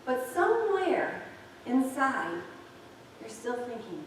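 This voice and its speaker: With a fairly high, expressive voice at a moderate pace, a woman in her forties preaches to her congregation as their pastor. She tells personal stories candidly and conversationally in the church sanctuary. The recording has a little hiss or hum and is very echoey, picked up from a distance.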